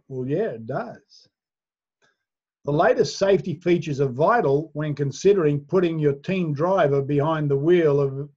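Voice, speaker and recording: A man runs a sales class at an unhurried pace, keeping his listeners nodding along with persuasive questions. The recording is dull and lo-fi. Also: a little high, a little mellow. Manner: persuasive, asks the listener for agreement. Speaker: sales trainer.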